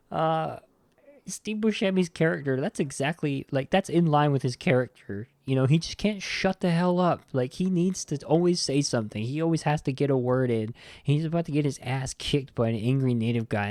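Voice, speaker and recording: Podcast host man, mid-pitch, retelling movie scenes loosely, lots of likes, dry close sound. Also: brisk, darkish tone, dry recording. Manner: rambling, loose, full of "like" and "you know". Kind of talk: casual movie recap.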